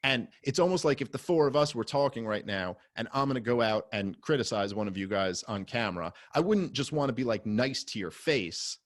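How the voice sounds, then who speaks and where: A man's voice: mid-range voice, expressive, fairly quick, few pauses, no room sound, studio quality. Man swearing through a casual story. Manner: storytelling, swearing, many fillers; rises to loud heated outbursts. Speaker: podcast guest. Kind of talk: casual podcast conversation.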